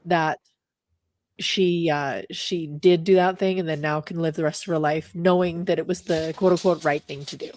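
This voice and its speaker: A woman's voice: low voice, fairly even intonation, normal speed, a little mellow, dry recording. Chatty middle-aged woman, dry close sound. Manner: chatty, emphatic storyteller. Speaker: podcast co-host. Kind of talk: casual chat.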